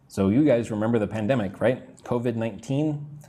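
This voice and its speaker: Husky man teaching English live. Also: medium pitch, darkish tone. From United States. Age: adult, not young. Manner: reads viewer comments aloud and answers casually; drills pronunciation slowly and clearly. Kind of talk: live-streamed English lesson.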